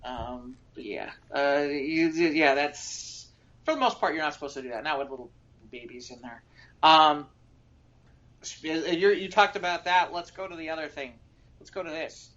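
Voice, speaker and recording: A man co-hosting a podcast, telling a rambling, animated anecdote in casual chat. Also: a little high, moderate pace. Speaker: podcast co-host. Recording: dull lo-fi sound.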